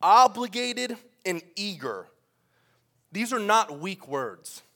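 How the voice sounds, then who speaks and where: A young adult man preaching a sermon in a church, animated and joking, firing questions at the congregation. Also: sits high, slow pace, creaky. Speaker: pastor. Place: church sanctuary.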